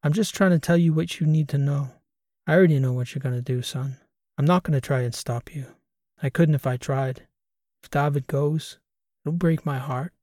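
A man voicing an aging, grieving father who talks in a gruff, plain-spoken way, in an audiobook reading. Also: a little high, moderate pace, warm tone, no echo, clean studio sound, close to an everyday voice. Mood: resigned.

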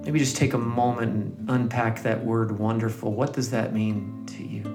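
A man with a mid-range voice reads scripture and reflects on it softly, lingering on single words. Plucked guitar plays clearly behind him. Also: mid-range voice, fairly even intonation, moderate pace. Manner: soft, gentle, lingering on words. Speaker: devotional leader. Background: guitar music.

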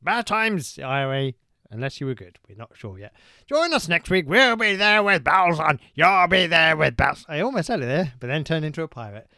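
A gruff, booming mock-politician voice, as a podcast co-host puts it on. The delivery is loud and lively, with a gravelly edge and close, dry sound. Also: male voice, moderate pace, dry recording, exaggerated voice. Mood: mock solemn. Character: gruff politician impression, man.

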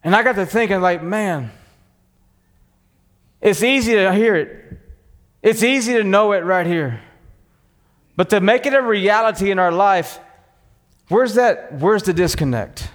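Fiery high-voiced Texan preacher. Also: male voice, a little slow, pauses often, in a large hall. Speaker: pastor. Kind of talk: sermon. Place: church.

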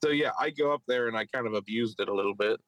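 A man's voice: medium pitch, fast talker, a bit bright, no room sound, low-quality recording. A man with a Philadelphia accent, a podcast co-host and stand-up comic, telling a story in casual chat and mimicking others in raised voices. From Philadelphia area.

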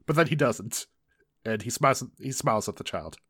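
A man's voice: mid-range voice, expressive, normal speed, a bit bright, slightly rough, no room sound, clean studio sound. A young man co-hosting a casual show recap, laughing often and restarting sentences as he goes. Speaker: podcast co-host.

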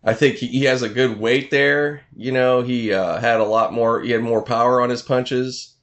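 A man talking loosely and casually, circling back on himself with fillers and restarts. His voice sits at an ordinary middle pitch and he drops in the odd swear word. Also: steady tone, normal speed, fairly bright tone. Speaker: boxing fan in casual conversation. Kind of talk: casual chat.

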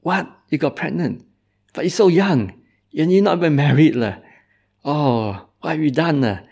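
Outraged village parents hurl accusations in a raised, exclamatory voice. The voice leaps well above its usual low register but keeps a gravelly edge, as a man acts them out in a spoken story. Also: expressive, normal speed, a little mellow, heavily acted. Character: furious scolding village parents, shrill and outraged.

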